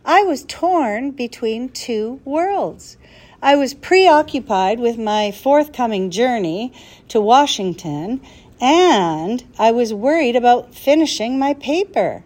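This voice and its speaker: A woman's voice: on the high side, lively intonation, slow, darkish tone. A woman voicing a flustered, worried old male professor who talks anxiously and with exasperation in a storybook reading. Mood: fretful.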